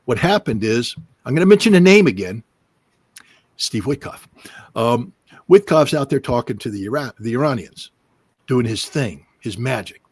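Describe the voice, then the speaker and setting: A man's voice: medium pitch, lively intonation, moderate pace, husky, dry recording. A middle-aged man giving emphatic political commentary on a livestream, hammering points with repetition and mocking quotes of officials.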